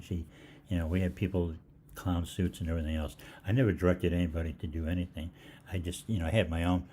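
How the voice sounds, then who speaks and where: During a live Q&A, an older holistic health host tells wandering stories, constantly restarting sentences and filling gaps with "uh." He sounds low and easygoing, and his desk mic picks up a faint background hiss.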